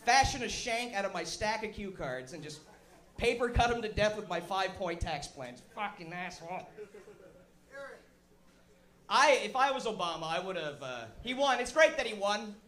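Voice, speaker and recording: A man rants through a profane stand-up set in a high, sharp voice. His talk is crude and animated, and it echoes in a roomy live venue. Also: moderate pace, pauses often. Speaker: comedian host.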